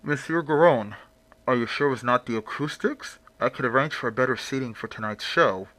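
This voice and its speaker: A man's voice: mid-range voice, brisk, fairly bright tone, no echo, natural voice. A man voicing a menacing masked phantom who speaks muffled, with icy politeness.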